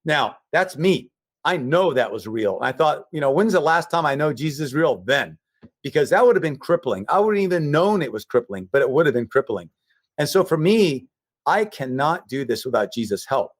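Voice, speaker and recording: A man's voice: medium pitch, very animated, normal speed, no room sound. A man on a remote call, telling personal stories earnestly with repeated emphatic phrases. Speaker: guest, humanitarian relief leader. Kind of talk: emotional personal storytelling.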